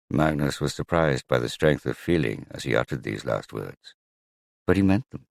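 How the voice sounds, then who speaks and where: Very deep-voiced man narrating a novel. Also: expressive, normal speed, vocal fry, no room sound, studio quality. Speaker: audiobook narrator. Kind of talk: scripted narration.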